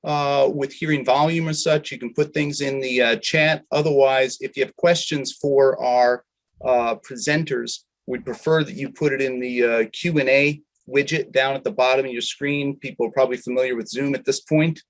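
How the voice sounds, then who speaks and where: A man co-hosting an online webinar, giving welcomes and housekeeping notes in a hesitant way with many filler pauses, over a video call. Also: mid-range voice, steady tone. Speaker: webinar co-host. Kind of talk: casual online meeting chat and housekeeping announcements.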